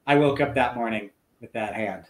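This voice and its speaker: Middle-aged guy telling stories on a podcast, lively, does little voices for people. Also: medium pitch, normal speed. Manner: animated storyteller acting out quoted voices. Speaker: podcast guest, author. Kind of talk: casual chat.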